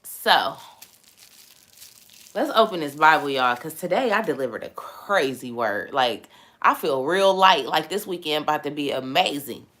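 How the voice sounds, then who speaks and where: Young woman host, lowish voice with a bright, forceful edge; casual, animated livestream talk. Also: measured pace. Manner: animated, exclamatory, addresses viewers directly.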